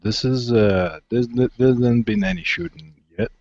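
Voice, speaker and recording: A man's voice: medium pitch, moderate pace, a little mellow, dry recording, muffled recording. A man playing a tabletop game, bluntly speaking in character. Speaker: player.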